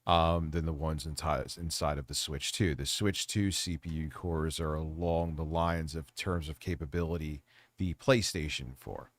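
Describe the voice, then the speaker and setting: A man's voice: extremely low pitch, steady tone, moderate pace, no echo. A man hosting a casual livestream, talking in a rambling, jokey, off-the-cuff way. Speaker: livestream host.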